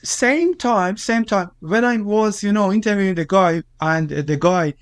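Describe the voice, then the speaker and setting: High-voiced man with an Iranian accent. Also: clear, resonant tone, dry recording, studio quality. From Iran. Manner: halting non-native English with many fillers and restarts, agitated when quoting. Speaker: journalist, interview guest. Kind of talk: recounting events in an interview.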